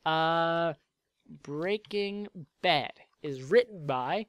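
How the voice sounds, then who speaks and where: A man's voice: a little high, expressive, extremely slow, a bit bright, smooth, no echo. A young man answering viewer questions in a casual, joking, rambling way while playing a game, coming down with a cold and a sore throat. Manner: rambling, joking, self-interrupting.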